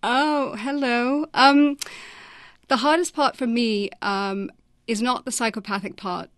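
A woman's voice: fairly high pitch, fairly even intonation, takes it slowly, a bit bright, no echo, studio quality. Wry, laughing woman actor guest. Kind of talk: radio interview. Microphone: studio mic at a remote station.

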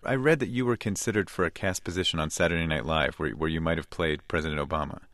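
A man hosting a public radio interview, measured and easily amused. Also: very deep voice, fairly bright tone, no room sound, studio quality. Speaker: radio news host. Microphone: studio mic.

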